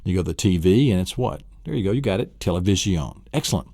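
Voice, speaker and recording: A deep-voiced man from Tennessee with a Southern US accent leads a memory-training lesson. He repeats words and quizzes the listener in an upbeat way. The recording is close and dry. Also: expressive, fast talker, creaky, dark tone, no echo. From Tennessee, USA. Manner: enthusiastic, repetitive quizzing with vivid imagery.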